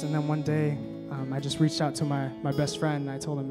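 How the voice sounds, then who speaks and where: A young man with a slightly high voice preaches to a young adults crowd. He drops to a hush for scripture, then climbs to loud emphatic exhortation, and gets chatty with lots of fillers when telling a personal story. Soft guitar plays underneath. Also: little pitch movement, a little fast, hardly any pauses. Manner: casual, many fillers when telling stories. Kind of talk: sermon.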